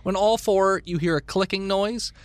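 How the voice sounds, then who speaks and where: A man's voice: high-pitched, fairly even intonation, normal speed, no room sound. A man running a tabletop game as game master, narrating scenes descriptively with playful asides.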